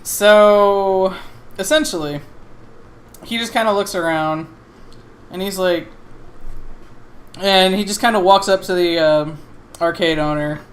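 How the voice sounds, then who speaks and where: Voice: medium pitch, takes it slowly, pauses often. Rambling, hesitant game master. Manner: rambling, hesitant, lots of fillers. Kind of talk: narrating a tabletop game.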